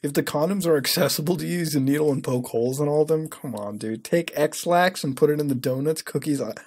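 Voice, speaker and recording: Husky, sarcastic man swearing through commentary. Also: on the high side, fast talker, a little mellow. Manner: profane, sarcastic, incredulous. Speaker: host. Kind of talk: casual commentary while reading a web page aloud.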